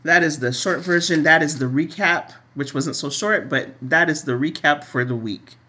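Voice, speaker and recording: A middle-aged woman co-hosting a casual soap recap chat, animated and laughing often. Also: normal speed. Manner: animated, laughs often, rises high when amused. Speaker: podcast co-host.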